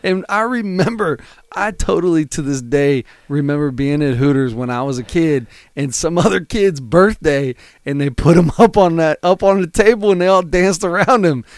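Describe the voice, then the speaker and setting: A man co-hosting a casual podcast, reviewing a comedy special with lively, laughing enthusiasm. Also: on the high side, moderate pace, smooth, no room sound, studio quality. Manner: animated, laughing, emphatic storyteller. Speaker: podcast co-host.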